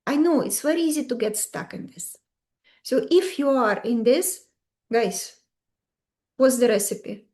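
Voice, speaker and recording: A woman's voice: sits high, a little slow, long pauses. A woman coach teaching a live online class over a video call, speaking emphatically in simple, non-native English phrasing. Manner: animated, emphatic, acts out client quotes in varied voices. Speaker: beauty and mindset coach.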